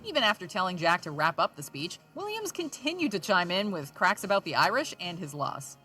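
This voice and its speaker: A woman reading scripted narration for a countdown list, upbeat and expressive. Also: fairly low pitch, a little fast, soft background music.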